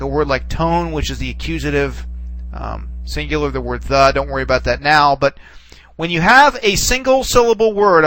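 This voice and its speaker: A man's voice: a little high, fairly bright tone, no room sound, low-quality recording. A man teaching a recorded lesson, explaining step by step and often checking in with "okay?" while he types on screen, trailing off and repeating words as he works.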